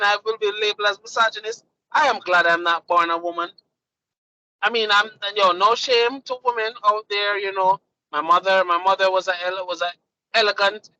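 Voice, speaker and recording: A man's voice: sits high, low-quality recording. A man co-hosting a casual group podcast, telling stories animatedly and acting out what people said. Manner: animated storytelling with lively voiced quotes. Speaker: podcast co-host.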